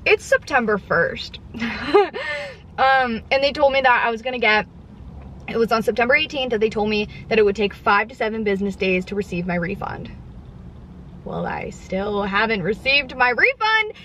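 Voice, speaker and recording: A woman vlogger chatting from her car, retelling a frustrating customer service story in an exasperated, animated way with quoted dialogue. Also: a little high, moderate pace, slight background noise. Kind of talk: casual storytime chat. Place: parked car. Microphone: camera mounted in car.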